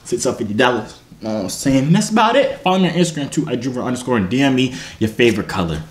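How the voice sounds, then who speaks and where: A young man vlogging in casual slang, animated and self-mocking as he jokes about himself. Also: mid-range voice, fast talker, reverberant. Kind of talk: casual vlog chat.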